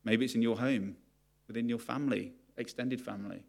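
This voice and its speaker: A man's voice: mid-range voice, fairly even intonation, brisk, gravelly. A man preaching a sermon to his congregation, candid and confessional about his own struggles. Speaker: pastor.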